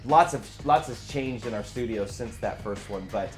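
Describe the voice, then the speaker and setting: A man's voice: mid-range voice, normal speed, faint music behind. A man co-hosting a sim racing show, chatting in an easygoing, enthusiastic way with loose fillers. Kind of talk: casual chat.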